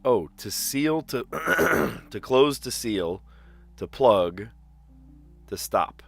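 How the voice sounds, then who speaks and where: A man streaming a puzzle game, chatting casually and thinking aloud with fillers, clearing his throat now and then. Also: medium pitch, expressive, drawn-out words, fairly bright tone, faint music behind. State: slight cough, clearing throat. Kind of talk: casual live-stream chat while solving puzzles.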